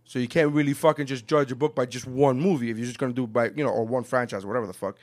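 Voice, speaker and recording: A man in casual podcast chat, swearing a lot and acting out quotes with big shifts in loudness. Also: medium pitch, rapid-fire. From South Florida. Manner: animated, profane, acts out quotes.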